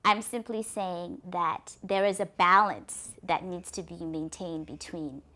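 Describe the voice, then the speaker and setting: A woman telling a folktale and then reflecting on its moral, earnest and lively. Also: on the low side, measured pace. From Africa. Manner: earnest, lively narration with restarts. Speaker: storyteller.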